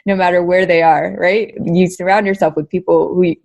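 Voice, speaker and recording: A young adult woman, a guest researcher and comedian, answering interview questions in an energetic, chatty way, full of fillers and repeated words. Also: fairly low pitch, brisk, vocal fry.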